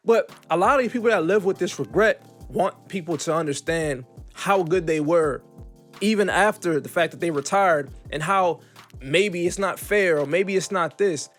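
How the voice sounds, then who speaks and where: Brief: male vlog host, loose slangy commentary, high pitch, soft music under. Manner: casual, talks through stumbles, uses "bro" and "yo".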